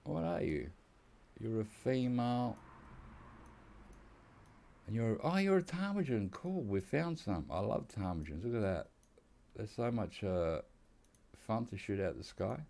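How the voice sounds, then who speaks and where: A warm, gravelly, lowish male voice with an Australian accent moves at a measured pace, animated and pausing often. He's a gaming YouTuber telling rambling, laughing stories and quoting dialogue as he plays a hunting game in a casual way.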